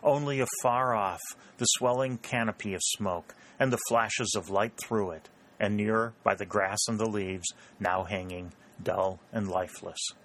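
A man narrates a historical novel in a steady, measured way. His voice sits on the low side and moves at an unhurried, even pace. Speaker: audiobook narrator.

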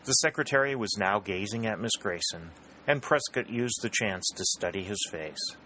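A man narrating a historical novel in a steady, even storytelling manner. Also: lowish voice, a little hiss or hum, rough recording. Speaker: audiobook narrator. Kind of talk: scripted narration.

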